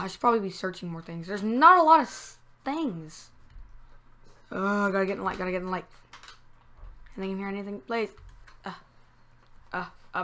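A woman's voice: medium pitch, slight background noise. A woman giving casual let's-play commentary from a home setup, talking to the game and bursting into squeals and groans. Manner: excitable, talks to the game, sudden squeals and groans. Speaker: gameplay commentator.

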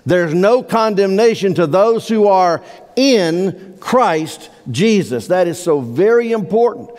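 A man's voice: high-pitched, animated, a little mellow. Emphatic male pastor in a reverberant church. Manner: earnest, emphatic preaching with drawn-out key words. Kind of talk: sermon. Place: church sanctuary. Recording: long reverb of a church hall.

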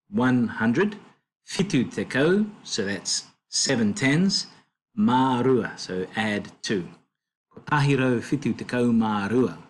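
A man tutors a language lesson, explaining things slowly and patiently, with fillers and self-corrections. His voice is mid-range and slightly rough.

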